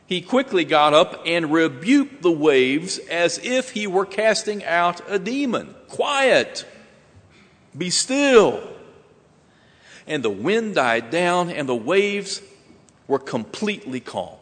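A man preaching a sermon slowly and deliberately, with dramatic pauses and rising emphasis. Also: a little high, sing-song, fairly bright tone, long reverb tail.

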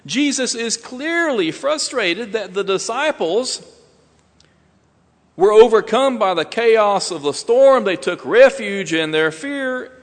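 Slow-preaching man in a reverberant hall. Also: high-pitched. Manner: slow, deliberate preaching with dramatic pauses and rising emphasis. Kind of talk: sermon.

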